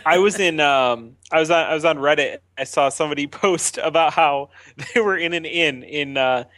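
A man's voice: a little high, moderate pace, a bit bright, no echo. A man co-hosting a podcast, telling a story with frequent giggles and fillers. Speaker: podcast co-host. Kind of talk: casual podcast chat.

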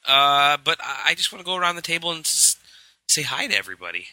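A man's voice: a little high, big pitch swings, quick pace, bright, forceful tone, no echo, low-quality recording. A man hosting a casual gaming podcast over an online call while sick and congested, joking loosely and crudely. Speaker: podcast host.

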